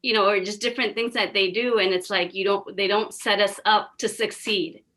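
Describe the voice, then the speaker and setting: A woman's voice: mid-range voice, steady tone, normal speed, a bit bright. A woman co-hosting a casual chat, talking in an earnest, emphatic way. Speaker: podcast co-host.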